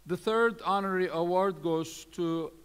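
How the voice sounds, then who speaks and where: A man's voice: high voice, normal speed, smooth. A man presenting awards at a live event, reading out lists of names with many fillers. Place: event hall. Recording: long hall reverb.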